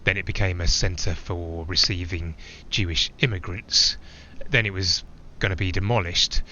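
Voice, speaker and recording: A man's voice: low-pitched, fairly even intonation, normal speed, bright, forceful tone, highs cut off, a little hiss or hum. An actor playing a man flying alone, who talks in a reflective, digressive way with small hesitations. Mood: musing. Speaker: narrator-pilot. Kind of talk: theatrical monologue.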